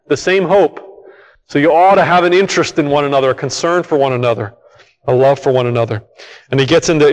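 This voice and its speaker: Man, preacher, verse-by-verse teaching, conversational, asks questions, slightly high voice, long hall echo. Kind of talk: Bible teaching sermon.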